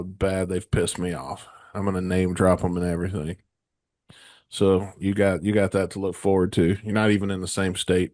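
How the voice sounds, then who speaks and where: A man's voice: deep voice, a little mellow, no room sound, studio quality. A man hosting a rock podcast while sick with a cold, swearing and stammering through casual stories. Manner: profane storytelling, stammering restarts. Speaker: podcast co-host. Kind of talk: casual rowdy chat.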